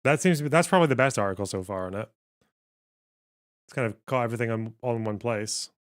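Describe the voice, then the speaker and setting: A livestream host chats casually and bluntly, swearing frequently and laughing often. He speaks fast at a medium pitch.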